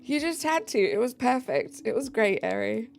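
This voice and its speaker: A tired British woman chatting casually on a live stream, giggly, reading chat aloud and dropping into soft asides. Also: a little high, lively intonation, normal speed, gravelly.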